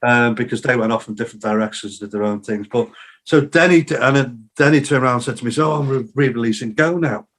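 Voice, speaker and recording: A man's voice: mid-range voice, quick pace. An older man, a musician and songwriter, telling rambling stories as a podcast guest, acting out what people said to him. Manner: lively anecdotes full of acted-out quotes; rambling, with many fillers and restarts. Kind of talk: casual interview storytelling.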